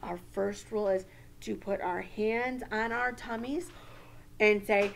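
Female early-childhood teacher, slow deliberate delivery, bright higher voice, faint room hum behind. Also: steady tone, gravelly. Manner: slow, sing-song, exaggerated teacher voice for little kids. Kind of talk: social-emotional lesson for young children.

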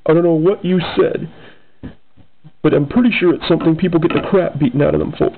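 Armored super-soldier, man reading, gruff, sarcastic quips, gravelly, tinny phone-like sound. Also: on the high side, fairly even intonation, a little fast. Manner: sarcastic tough-guy quips.

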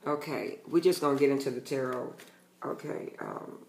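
A man's voice: mid-range voice, fairly even intonation, moderate pace, gravelly, reverberant, slight background noise. A man giving a casual tarot reading to his channel's viewers, talking bluntly and emphatically and swearing freely. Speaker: tarot reader.

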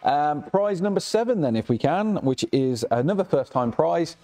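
An English man hosting a live prize draw in upbeat, teasing banter, moving the show along through questions and prizes. His voice is dark and mellow, with faint music playing underneath. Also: a little high, big pitch swings, normal speed. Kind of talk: casual banter.

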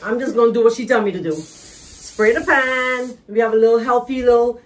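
A woman's voice: on the high side, fairly even intonation, racing, darkish tone. A Bahamian woman hosting a cooking show from her kitchen, chatting in a bubbly, teasing way. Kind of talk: lively cooking show chat. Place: home kitchen.

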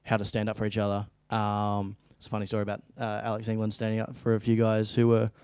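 Young Australian actor telling rambling stories. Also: male voice, lowish voice, monotone, quick pace, a little mellow, clean tone, dry recording. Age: young adult. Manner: rambling storytelling, frequent fillers. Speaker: actor guest. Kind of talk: casual interview chat. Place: interview studio.

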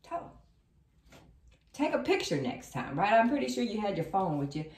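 A woman's voice: mid-range voice, sing-song, normal speed, a little mellow. Woman, tarot reader, sassy and emphatic, repeats herself, echoey room, off-mic. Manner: sassy, emphatic, repeats lines, breaks into laughter. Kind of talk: casual tarot reading to viewers. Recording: roomy sound, distant from the mic.

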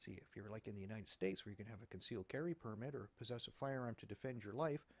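A man's voice: on the low side, quick pace, darkish tone, slightly rough. A man hosting a talk show, delivering sarcastic, profane ranting commentary.

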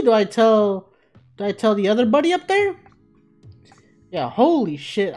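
A woman playing a video game, giving casual commentary in an excitable way, swearing freely. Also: mid-range voice. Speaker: let's play gamer.

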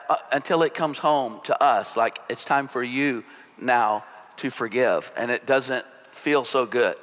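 A male pastor preaching a sermon in a relaxed, conversational, joking storytelling manner. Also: medium pitch, normal speed. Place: church sanctuary. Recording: long hall reverb.

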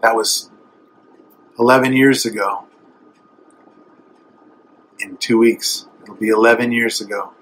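A man's voice: fairly low pitch, fairly even intonation, slow, long pauses, fairly bright tone, a little hiss or hum, rough recording. A middle-aged man preaching a sermon, speaking tenderly and with strong emotion that swells to emphatic. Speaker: evangelist.

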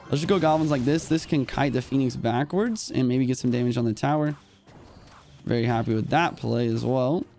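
A young man streaming a mobile game, calling out each move in quick play-by-play while a little short on sleep. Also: medium pitch, darkish tone, slight background noise. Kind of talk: live gameplay commentary.

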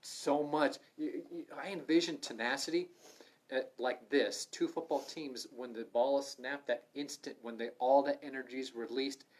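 Man, Bible study preacher, emphatic, fervent, mid-pitched voice. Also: steady tone, normal speed. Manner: fervent, emphatic preaching with sudden loud stresses. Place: room in an assisted living home.

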